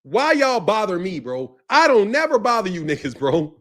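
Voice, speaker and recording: A man's voice: high-pitched, very animated, normal speed, a bit bright. A man hosting his boxing channel, ranting in a profane, mocking way and laughing often. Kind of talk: ranting commentary.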